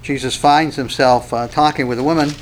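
A man preaching a sermon, animated, acting out quoted dialogue with frequent restarts. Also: mid-range voice, fairly quick, slight background noise. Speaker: pastor.

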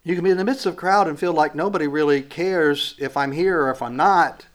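A man preaching a sermon in a reflective way, with frequent pauses and fillers, moving from hushed lines to emphatic rising phrases. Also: on the high side.

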